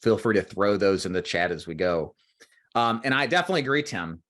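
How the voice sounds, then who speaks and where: A man's voice: lowish voice, animated, brisk, a bit bright. A man hosting an interview on a video call, explaining in long runs and speaking directly to viewers. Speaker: host and agency owner. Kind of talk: interview for a recruiting livestream.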